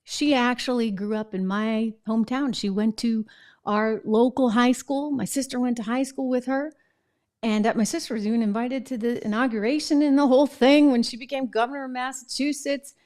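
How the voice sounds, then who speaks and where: Woman host, fairly high voice, emphatic opinionated commentary, keeps asking "right?". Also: steady tone, moderate pace, a little mellow. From New England, United States. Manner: emphatic, conversational, asks viewers "right?". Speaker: political show host.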